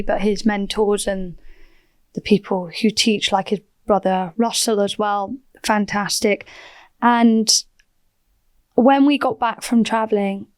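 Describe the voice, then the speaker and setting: A chatty woman speaks in a slightly high voice, talking animatedly as a podcast guest. She laughs easily, and the recording is dry and close, with no room sound. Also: no echo. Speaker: podcast guest, property entrepreneur. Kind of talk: casual interview chat.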